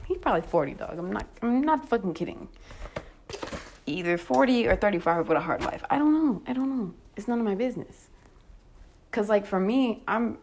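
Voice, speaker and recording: A young woman telling a story in a casual, profane chat, blunt and animated, acting out the exchanges with lots of fillers. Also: on the low side, gravelly, slight background noise.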